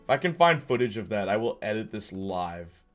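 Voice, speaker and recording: A man chatting excitedly and rambling about games on a live stream. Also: lowish voice, moderate pace, soft background music. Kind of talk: casual chat on a live stream.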